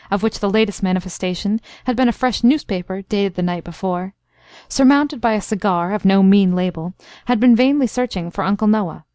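A woman narrating a classic story for an audiobook in an even, measured way. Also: mid-range voice, dry recording, studio quality.

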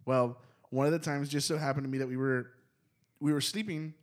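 A man's voice: mid-range voice, steady tone, a little fast. A man hosting a casual podcast chat, telling a rambling, swear-laced anecdote in a studio. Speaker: podcast host. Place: recording studio.

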